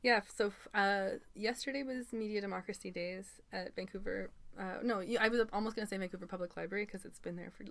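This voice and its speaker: A woman with a mid-pitched voice recounting her week on a podcast. She rambles and corrects herself often, in easy conversational chat. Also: steady tone, fast, few pauses, a bit bright. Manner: rambling, self-correcting storyteller. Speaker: podcast co-host. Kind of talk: casual chat.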